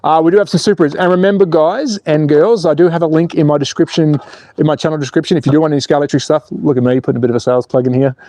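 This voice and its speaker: A man hosting a live stream outdoors, commentating with excitable jokes and reading viewer chat aloud. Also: fairly high pitch, racing, no echo. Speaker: slot car channel host.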